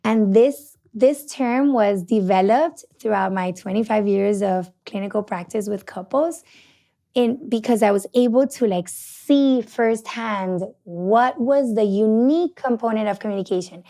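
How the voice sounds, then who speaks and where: A middle-aged woman, a couples therapist hosting a podcast, talking passionately and loudly with many restarts. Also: mid-range voice, unhurried, gravelly. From Puerto Rico. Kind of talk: casual podcast teaching.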